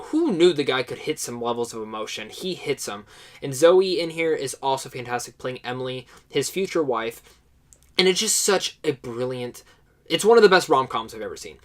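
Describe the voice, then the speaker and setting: A man's voice: fairly high pitch, fairly bright tone. A man talking casually about films as a guest reviewer, effusive and repeating himself for emphasis. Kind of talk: casual film talk.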